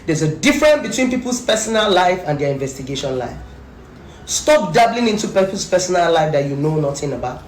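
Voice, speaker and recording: A woman's voice: lowish voice, very animated, brisk, slight background noise. A woman with a Nigerian accent delivering a fierce, accusing rant to camera, hammering her points with repetition. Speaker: social media commentator. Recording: echoey room, faint background music.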